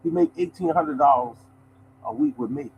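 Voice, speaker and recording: A man hosts his own lottery podcast in a loose, preachy monologue. He hammers points home by repeating them and keeps addressing listeners as y'all. His voice sits a little high. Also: sing-song, normal speed, creaky, darkish tone, slight background noise, low-quality recording. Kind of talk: casual motivational monologue.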